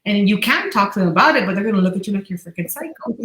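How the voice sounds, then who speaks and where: A woman's voice: mid-range voice, a little fast. A woman co-hosting a casual spiritual podcast, telling stories with animation and acting out the voices she quotes. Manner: animated storyteller who acts out quoted voices. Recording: echoey room.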